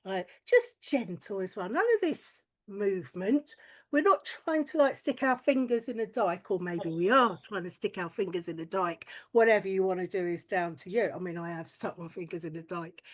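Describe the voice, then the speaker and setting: A woman's voice: medium pitch, lively intonation, normal speed. A woman performing a stand-up comedy set, blunt and crude, with chatty tangents and frequent swearing.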